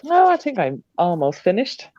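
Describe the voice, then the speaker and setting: A woman's voice: mid-range voice, huge pitch swings, normal speed, darkish tone, no room sound. An Irish woman co-hosting a casual livestream over a video call, laughing easily and poking fun at herself. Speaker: co-host of a craft livestream. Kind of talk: casual chat. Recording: dry, slightly dull call audio.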